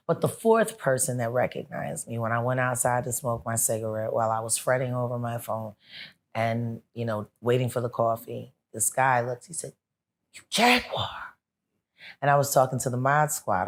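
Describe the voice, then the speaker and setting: Very low-voiced woman telling a story. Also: moderate pace. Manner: animated storyteller who acts out the people she quotes. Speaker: interview guest. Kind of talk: casual storytelling chat.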